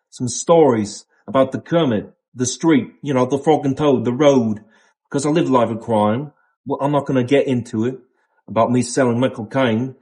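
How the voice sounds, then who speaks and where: A man's voice: medium pitch, darkish tone, breathy edge, natural voice. A man playing Alfred, a swaggering Cockney petty crook, rambling crudely in rhyming slang in a comedic monologue.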